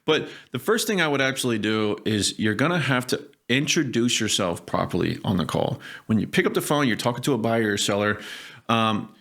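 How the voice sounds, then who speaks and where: A man's voice: mid-range voice, a little fast. A man giving sales advice in casual conversation, emphatic and punctuating points with "okay?". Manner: acts out sales calls in lively put-on voices. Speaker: sales coach guest.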